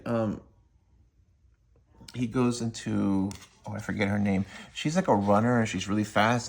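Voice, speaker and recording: A man casually retelling a comic book story in a rambling way, full of fillers. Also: on the low side. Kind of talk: casual spoken review.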